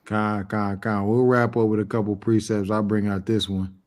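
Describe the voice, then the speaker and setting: A lower-voiced man talks through scripture calmly. He slows down and reads each verse deliberately. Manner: calm, slow and deliberate when reading verses. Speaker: co-host of a scripture show. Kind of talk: casual religious discussion.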